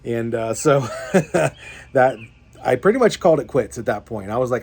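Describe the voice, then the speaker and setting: A man's voice: medium pitch, lively intonation, moderate pace, a little mellow, a little hiss or hum. A young man, a fishing vlogger, rambling through a story of a bad day in casual chat, with many fillers and restarts. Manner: rambling, self-deprecating, full of fillers and restarts.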